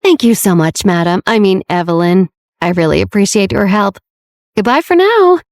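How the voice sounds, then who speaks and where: A woman's voice: mid-range voice, lively intonation, moderate pace, a little mellow, no room sound, studio quality, lightly acted. A woman voicing a sassy, proud young heiress who turns sweet or tart at will, in an audiobook reading. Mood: gracious. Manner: sweet on the phone, tart and facetious.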